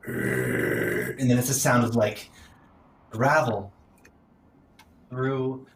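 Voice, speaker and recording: A man's voice: medium pitch, sing-song, extremely slow, vocal fry, fairly bright tone, reverberant, a little hiss or hum, low-quality recording. A man running a tabletop game as game master, describing scenes with sound effects and hesitations.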